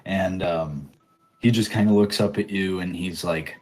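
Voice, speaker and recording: A man narrating as game master in a casual, halting way. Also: deep voice, darkish tone.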